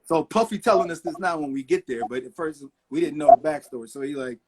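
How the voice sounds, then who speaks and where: A man's voice: on the high side, fast, noisy background. A middle-aged man, a record producer, telling stories in a casual interview and acting out the people he quotes. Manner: animated storyteller acting out quotes.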